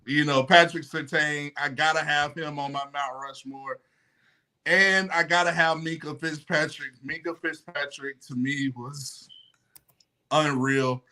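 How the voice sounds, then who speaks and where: A man co-hosting a sports talk show, laying out his picks in a relaxed, playful way. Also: on the high side. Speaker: podcast co-host.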